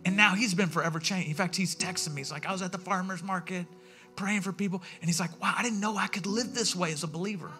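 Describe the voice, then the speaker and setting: Bright-voiced pastor preaching casually. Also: male voice, high voice, quick pace, faint music behind. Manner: conversational storytelling, acts out quoted voices. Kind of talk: sermon. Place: church sanctuary.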